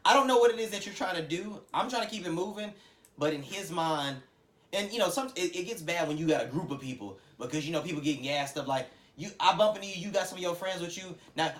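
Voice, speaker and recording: A man's voice: high voice, quick pace. A man co-hosting a casual podcast chat, telling stories animatedly and acting out what people say. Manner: animated storyteller acting out quoted voices. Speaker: podcast co-host.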